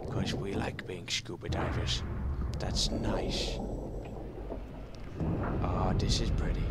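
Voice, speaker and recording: A man giving casual, chatty gameplay commentary with excitable outbursts and self-mocking asides. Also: a little high, takes it slowly. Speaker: let's play commentator. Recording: game audio noise under the voice.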